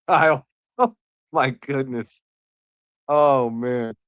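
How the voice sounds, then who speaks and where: A woman hosting a live draft reaction stream, excitable and joking, answering chat as she goes. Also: a bass voice, very slow, dry recording.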